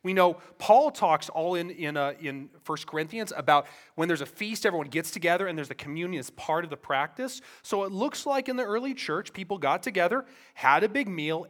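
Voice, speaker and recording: A man preaching in a church with a notably high voice. He moves between hushed reflection and loud emphasis, often checking in with rhetorical questions and relaxed asides. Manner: impassioned, swings from soft to loud emphasis. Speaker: pastor. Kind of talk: sermon.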